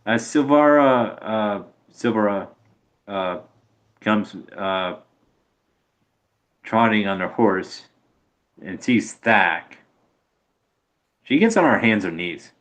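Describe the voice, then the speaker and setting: A man narrating as game master of a tabletop game, hesitant and full of pauses. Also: lowish voice, animated, fairly bright tone.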